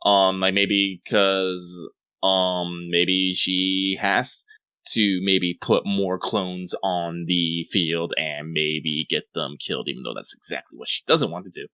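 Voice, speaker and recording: A man with a low but bright voice, chatting casually and rambling through his thoughts. He jumps up and down in pitch, acts out bits of a story, and fills his pauses with "um" and "like". The sound is dry and close. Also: dry recording. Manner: rambling, animated, many fillers, swears. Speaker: podcast co-host. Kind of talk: casual chat.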